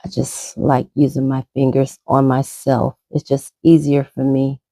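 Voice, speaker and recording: With an extremely low, mellow voice and flat delivery, a middle-aged woman talks unhurriedly through a casual makeup tutorial. This vlogger rambles chattily while applying makeup, with no echo.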